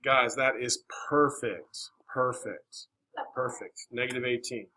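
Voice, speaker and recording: Bright-voiced encouraging male math teacher. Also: mid-range voice, slow, rough recording. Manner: encouraging, coaxing questions, many "all right"s. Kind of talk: classroom teaching. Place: classroom.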